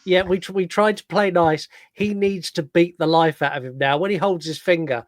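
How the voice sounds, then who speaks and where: A man's voice: a little high, no room sound. Chatty man hosting a film podcast. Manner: chatty, quick restarts, swears. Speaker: podcast host. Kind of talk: casual film-review chat.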